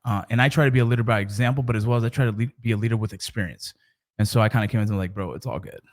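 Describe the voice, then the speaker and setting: A man's voice: fairly low pitch, fairly even intonation, racing. A middle-aged man and father talking casually to camera about mentoring, in a rambling, conversational way with frequent restarts.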